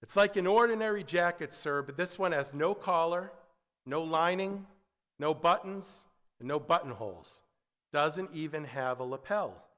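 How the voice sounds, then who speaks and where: A man's voice: fairly high pitch, expressive, unhurried, a bit bright. A man doing an eager, indignant young customer. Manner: eager, exasperated when overcharged. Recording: echoey hall with guitar behind.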